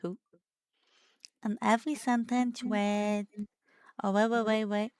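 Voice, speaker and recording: Giggly woman streamer, slow and dry. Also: a little high, flat delivery, darkish tone, smooth, no echo. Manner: playful and giggly, tries a cutesy baby-talk voice; swears casually. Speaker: streamer co-host. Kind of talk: casual gaming stream chat.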